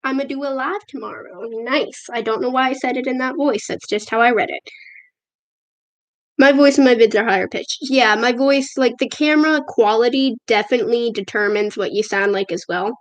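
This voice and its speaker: A woman's voice: a little high, fairly quick. Chatty girl talking over a tablet mic. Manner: chatty and self-deprecating, with frequent fillers. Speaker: livestream host. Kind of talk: casual live chat, reading comments. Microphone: tablet camera microphone.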